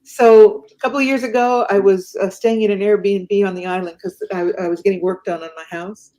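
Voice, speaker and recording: A woman's voice: mid-range voice, fairly quick. A woman guest telling a personal story in a conversation, acting out the voices of the people in it. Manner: animated, acts out the voices in her stories.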